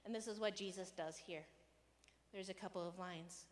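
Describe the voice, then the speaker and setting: A woman pastor giving a casual, conversational sermon, animated and playful, sometimes raising her voice to act out a rant. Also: on the low side, moderate pace, in a large hall. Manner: conversational, animated, acts out rants with raised voice. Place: church hall.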